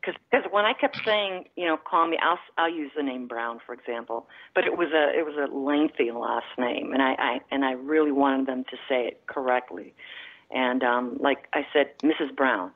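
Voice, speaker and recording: Low-voiced woman caller on a muffled line. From Midwest US. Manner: rambling, halting with many fillers. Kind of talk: phone-in chat.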